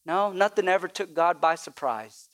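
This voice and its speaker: A man's voice: high-pitched, lively intonation, normal speed, a bit bright. A male pastor preaching a sermon, with call-and-response and repetition that builds to emphatic peaks.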